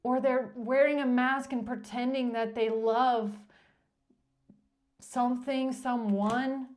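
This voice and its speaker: A woman's voice: fairly high pitch, fairly even intonation, slow, a little mellow. A woman giving a tarot reading in a blunt, emphatic way, cursing when she gets frustrated. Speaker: tarot reader.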